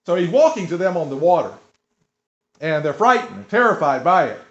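Folksy male pastor, slightly high voice, dull lo-fi church recording. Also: very animated, normal speed, fairly bright tone. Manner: folksy, asks the congregation questions. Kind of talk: conversational sermon.

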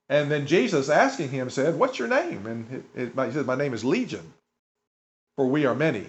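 A man's voice: mid-range voice, big pitch swings, a little fast. A man preaching a sermon in a conversational way, asking the listeners rhetorical questions. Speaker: pastor. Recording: dull lo-fi recording.

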